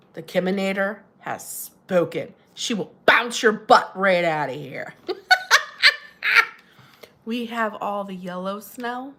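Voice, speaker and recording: A woman's voice: medium pitch, lively intonation, takes it slowly, pauses often, a bit bright. A woman hosting a casual livestream from home, chatting with viewers and laughing often, her voice jumping up when she greets them. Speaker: livestream host. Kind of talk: casual livestream chat reading comments. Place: home in New Jersey.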